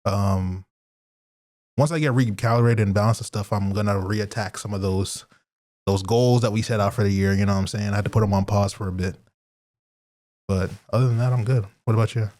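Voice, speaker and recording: A young man and student co-hosting a podcast, sleepy and quick to tease and joke. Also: on the low side, darkish tone, dry recording, studio quality. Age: young adult. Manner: joking, teasing banter. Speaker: podcast co-host. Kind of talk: casual chat.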